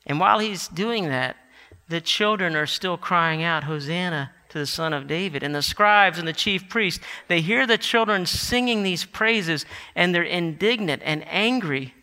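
Bright, high-voiced man preaching in a hall. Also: a little slow, clear, resonant tone. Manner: animated, rising to emphatic declarations. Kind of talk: sermon. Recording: long hall reverb.

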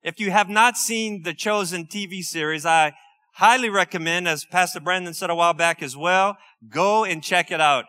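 A man preaching at a midweek service. His voice sits high and sounds bright and forceful. He talks loosely and conversationally, slipping in asides and quick laughs between scripture readings. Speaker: pastor. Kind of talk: sermon.

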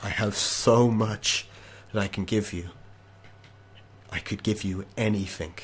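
A man game master voicing a calm, possessive male crime boss in a hushed, measured tone. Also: on the low side, breathy edge. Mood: quietly menacing. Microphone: online call.

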